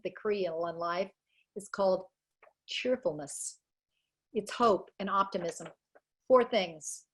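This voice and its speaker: A middle-aged woman presenting a webinar on child psychology, talking energetically in quick bursts and acting out quoted dialogue with life. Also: medium pitch. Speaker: educational psychologist giving a webinar talk.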